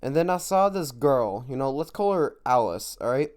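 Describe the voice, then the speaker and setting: A man's voice: mid-range voice, lively intonation, moderate pace, a little mellow. A man telling a casual storytime, rambling with constant fillers and swearing. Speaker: vlogger.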